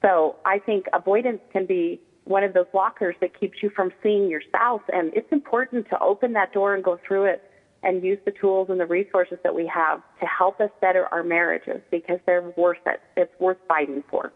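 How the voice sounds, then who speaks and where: A woman's voice: on the low side, steady tone, normal speed. A married woman in casual group conversation, speaking in a reflective, earnest way. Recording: narrow phone-like sound.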